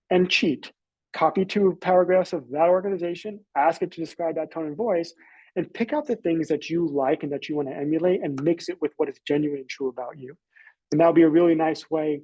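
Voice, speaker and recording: A man's voice: on the high side, a little mellow, breathy edge, dry recording, rough recording. An American man presenting a webinar lesson in a casual, loose way, with many fillers and restarts.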